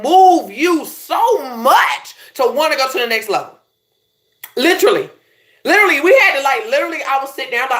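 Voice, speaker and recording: A Belizean woman coaching her viewers, her voice swooping high and low as she preaches and calls out to "y'all". She sits a little higher than most women and talks in a direct, fired-up way. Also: very animated, moderate pace, a bit bright. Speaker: life coach. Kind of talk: motivational talk to viewers.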